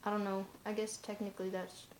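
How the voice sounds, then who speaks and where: A woman's voice: medium pitch, level tone, brisk, slight background noise. A woman talking in a casual vlog monologue, rambling and offhand, in loose run-on asides. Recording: roomy echoey room.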